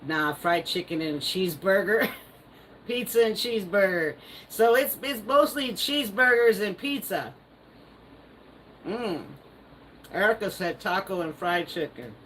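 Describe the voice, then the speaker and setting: A woman's voice: mid-range voice, expressive, unhurried, pauses often, fairly bright tone, slight background noise, low-quality recording. A woman hosting a live stream, casually reading viewer comments aloud and teasing them, laughing often. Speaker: livestream host.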